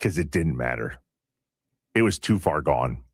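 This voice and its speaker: A man co-hosting a sports radio show in casual talk, measured and questioning as he argues his point. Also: rumbling low, lively intonation, breathy edge, no echo, clean studio sound.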